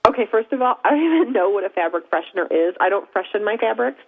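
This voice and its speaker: A chatty woman co-hosts a casual talk show, laughing often and teasing as she goes. Her pitch sits in the middle range. The sound is thin and tinny, as if it came over a phone line. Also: lively intonation, fast, husky. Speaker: podcast co-host. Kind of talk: casual chat.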